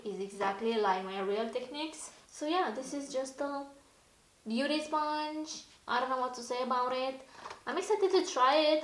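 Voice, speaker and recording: Slow, chatty woman vlogger in echoey room. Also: fairly high pitch, a little hiss or hum. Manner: chatty, easily excited, gasps and laughs often. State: slightly hoarse. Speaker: beauty vlogger. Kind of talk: casual unboxing chat.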